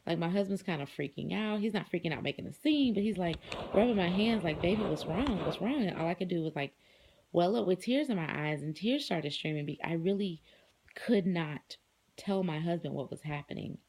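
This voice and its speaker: A married mother speaks to her vlog viewers in a loose, rambling way, her talk peppered with fillers. The voice is fairly low and a little mellow, delivered a touch fast.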